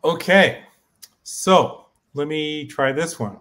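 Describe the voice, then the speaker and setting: A man learning in a casual chat, halting as he guesses meanings aloud and asks for phrases to be repeated. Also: mid-range voice. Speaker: co-host and learner.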